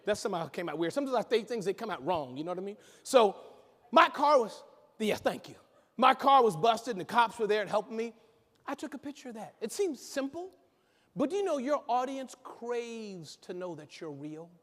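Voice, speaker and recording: High, lively man in an echoey hall. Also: a little fast. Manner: animated, joking, banters with the audience. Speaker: keynote speaker. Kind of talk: energetic conference keynote. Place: conference hall stage.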